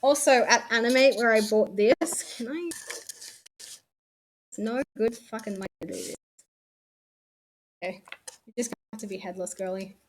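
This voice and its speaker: With a slight hiss or hum in the background, a young Australian woman streams herself unboxing souvenirs, her voice on the high side at normal speed. She pauses often, swears in passing, and leaves thoughts unfinished.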